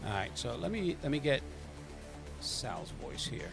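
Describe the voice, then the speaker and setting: A man's voice: medium pitch, very animated, a little slow, gravelly, music in the background. A man narrating as game master of a tabletop game, rambling, with many fillers and restarts.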